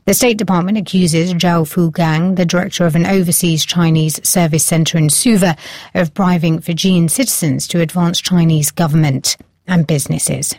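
A woman newsreader delivers scripted headlines in a measured, formal read. Her voice sits fairly low, and the recording is dry and close, as in a studio booth. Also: fairly even intonation, a little mellow, no echo. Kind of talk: scripted news bulletin.

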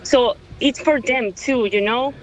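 A woman in her thirties from Venezuela speaks through tears in an interview. Her voice sits slightly high, and she keeps stalling, repeating words and restarting her sentences. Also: unhurried, poor audio. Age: 30s. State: tearful. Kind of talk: emotional interview over phone.

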